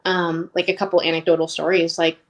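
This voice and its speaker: A woman's voice: fairly low pitch, flat delivery, brisk. A woman in her thirties telling her personal story as an interview guest, rambling and emotionally open with lots of "like".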